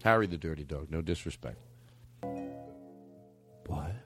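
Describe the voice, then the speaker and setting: A man hosting a podcast, talking in a rambling, halting, joking way. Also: extremely low pitch, faint music behind. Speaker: podcast host. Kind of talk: casual comedic chat.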